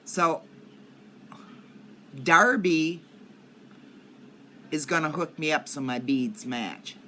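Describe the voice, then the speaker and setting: A woman's voice: deep voice, pushed and bright, slight background noise. An older woman chatting casually to her viewers in a rambling way, coughing often. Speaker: cannabis vlogger. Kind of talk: casual chat to camera. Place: at home in Colorado.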